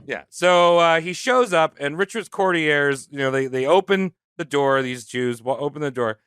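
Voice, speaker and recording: A man's voice: a little high, normal speed, a bit bright, clean tone, dry recording, studio quality. A man on a comedy podcast telling history in a jokey, slangy way, acting out quotes. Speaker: podcast host.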